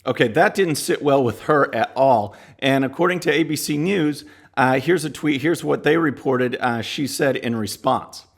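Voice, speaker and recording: A man's voice: mid-range voice, normal speed. A man hosting a political commentary show, talking casually with scornful asides. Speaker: podcast host.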